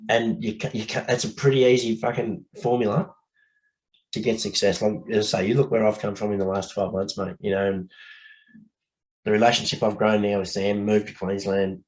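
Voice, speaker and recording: An Australian man speaking candidly as a guest on a casual podcast, blokey and quick to laugh, swearing now and then. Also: lowish voice, little pitch movement, darkish tone, poor audio.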